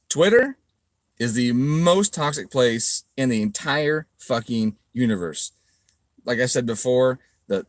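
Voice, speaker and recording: A man's voice: a bit bright, dry recording, clean studio sound. A middle-aged man answering viewers' questions in a casual livestream, profane and ranting, mocking critics. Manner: profane, ranting, mocks critics in shrill voices. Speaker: car parts business owner answering live chat.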